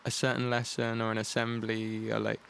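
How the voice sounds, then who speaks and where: A man's voice: lowish voice, completely flat delivery, fairly quick, gravelly, fairly bright tone, slight background noise. A young man co-hosting a podcast, wry and playful, fond of old-fashioned exclamations. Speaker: podcast co-host. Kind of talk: casual chat.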